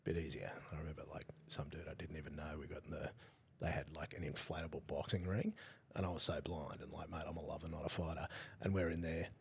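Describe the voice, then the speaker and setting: A man's voice: a bass voice, level tone, quick pace, vocal fry, a little hiss or hum. An Australian man hosting a podcast, telling loose, rambling stories in a casual interview chat. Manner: loose, rambling storyteller with bursts of laughter and swearing. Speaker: podcast host.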